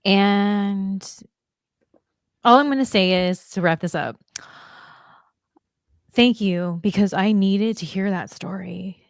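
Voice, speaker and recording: A woman, a pro wrestler guest, telling stories in casual chat, animated and openly emotional, speaking over a video-call stream. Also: medium pitch, slow, long pauses, smooth, dry recording, studio quality. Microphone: video call streaming setup.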